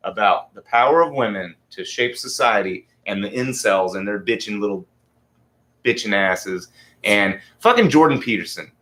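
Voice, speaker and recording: A man's voice: fairly low pitch, expressive, normal speed, fairly bright tone. Profane ranting man in his forties. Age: 40s. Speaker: podcast host. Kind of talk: casual rant.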